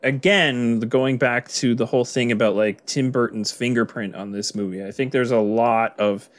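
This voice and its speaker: A man's voice: mid-range voice, fairly even intonation, moderate pace. Easygoing man musing in casual chat. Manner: musing, hedging with frequent "like" and "I feel like". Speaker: podcast co-host. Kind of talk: casual film discussion.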